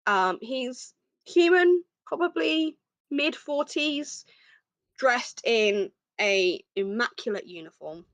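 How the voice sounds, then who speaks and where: A woman narrating a tabletop game as game master, describing scenes with frequent pauses. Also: fairly high pitch, animated, a bit bright, no echo.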